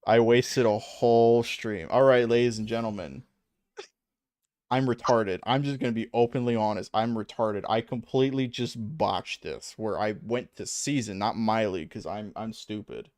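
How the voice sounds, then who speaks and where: Here a young man in his twenties or so provides casual commentary on his game stream, swearing a lot, laughing frequently and poking fun at himself as he rambles. He speaks at a moderate pace in a lowish, darkish voice without any echo.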